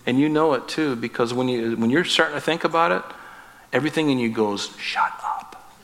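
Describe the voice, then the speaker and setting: A man's voice: medium pitch, quick pace, fairly bright tone. A man preaching a sermon as pastor, talking conversationally and acting out little dialogues with light humor. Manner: conversational, acts out short dialogues, self-deprecating humor. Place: church sanctuary. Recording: echoey church hall.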